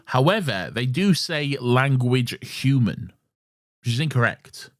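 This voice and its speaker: A man's voice: medium pitch, a little slow, dry recording. A man co-hosting a podcast, chatting casually and jokily, with a close, dry microphone sound. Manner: animated, jokey, drops into silly voices. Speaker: podcast co-host. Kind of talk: casual chat.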